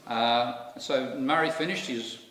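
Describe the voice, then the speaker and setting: A man's voice: mid-range voice, slow pace, fairly bright tone. Australian man lecturing in an echoey hall. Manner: wry and candid, with asides. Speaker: guest lecturer. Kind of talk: public lecture. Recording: echoey hall, distant mic, faint noise.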